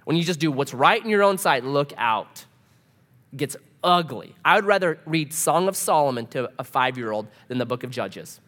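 A pastor preaching a casual, humorous sermon, full of rhetorical questions. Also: male voice, medium pitch, lively intonation, moderate pace, a bit bright.

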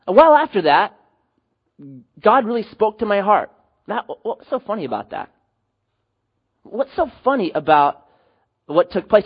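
A husky-voiced man delivers a sermon as a pastor, his voice sitting fairly high and swinging widely from loud emphatic peaks to quiet, low endings. The sound is dull and lo-fi. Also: very animated, normal speed, pauses often.

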